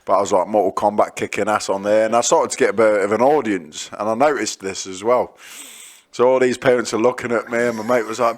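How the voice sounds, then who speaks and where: A man co-hosting a podcast, chatting and telling stories in an animated way, laughing and swearing freely. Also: lowish voice, fast talker. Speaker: podcast co-host. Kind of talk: casual banter and storytelling.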